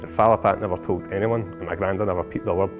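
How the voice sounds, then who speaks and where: A man telling a family anecdote in a lively, animated, chuckling way. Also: deep voice, quick pace. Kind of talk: casual storytelling. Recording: music behind.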